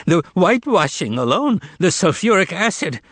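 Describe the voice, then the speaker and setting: Man doing a panicky male informer, high voice, babbling, trembling, dry and close. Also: sing-song, normal speed, a bit bright, no echo, full character voice. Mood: terrified.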